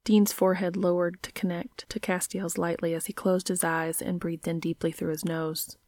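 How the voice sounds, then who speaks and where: A woman reading a story aloud in a soft, half-whispered voice. Her voice is low and creaky, and it sounds dry and close to the mic. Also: flat delivery, moderate pace, no room sound. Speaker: reader.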